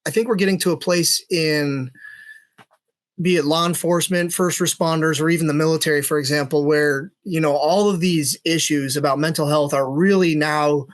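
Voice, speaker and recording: A middle-aged man, a SWAT officer guest, telling a personal story in a podcast interview, earnest and halting with many fillers and restarts. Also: a little high, steady tone.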